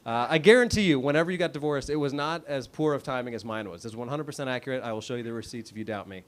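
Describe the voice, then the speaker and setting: Onstage at a comedy club, a thirtysomething American comic fires off his set in a rapid, mid-range voice. He keeps things conversational, wry and self-deprecating while laughter comes from the crowd.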